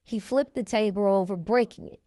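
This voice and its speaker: A woman reading a memoir aloud in the first person, in a steady manner. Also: mid-range voice, fairly quick, no room sound, clean studio sound. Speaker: reader.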